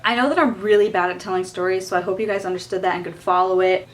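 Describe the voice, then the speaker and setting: A woman's voice: mid-range voice, fairly even intonation, fast. A young woman vlogger telling a storytime in a casual, exasperated way, filling her talk with "like" and "you know.". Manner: casual, exasperated, heavy use of "like". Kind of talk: storytime vlog.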